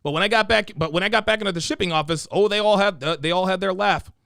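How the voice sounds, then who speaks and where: A male livestream host giving profane, animated commentary on videos, reading out viewer donations and telling stories. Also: sits high, quick pace, creaky, no room sound, clean studio sound.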